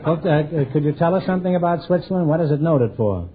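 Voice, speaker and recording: A man's voice: on the high side, animated, background noise. Wisecracking male quiz host, tinny radio. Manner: teasing, repeats questions, quick ad-libbed jokes. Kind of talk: wisecracking quiz show banter. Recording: tinny 1950 radio broadcast with loud audience.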